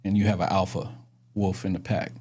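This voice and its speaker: A man's voice: low-pitched, little pitch movement, a little fast, warm tone, husky. A middle-aged man hosting a podcast, talking earnestly and reflectively in casual conversation, asking his guests questions. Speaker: podcast host.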